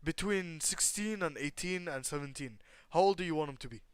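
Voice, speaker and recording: A man's voice: fairly high pitch, a little fast, smooth, dry recording. A man improvising a story in a loose, rambling way, full of fillers and restarts, talking to his viewers.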